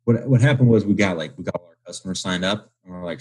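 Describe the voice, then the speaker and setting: A man's voice: low-pitched, fast talker, few pauses, a little mellow, slightly rough. A man in his twenties, a guest on an interview podcast, talking loosely and casually with lots of filler words and little acted-out phone calls. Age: 20s. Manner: loose and chatty, heavy use of "like", acts out phone calls.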